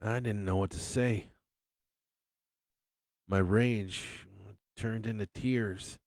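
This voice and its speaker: A man, an author, reading his own first-person story in an unhurried, reflective way. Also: fairly low pitch, steady tone, a little mellow, no room sound.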